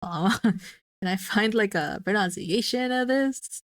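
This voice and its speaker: A woman's voice: mid-range voice, measured pace, no room sound. A woman streamer chatting casually with her viewers, musing aloud and repeating a word over and over to test how it sounds. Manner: chatty with viewers, light swearing. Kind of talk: casual livestream chat.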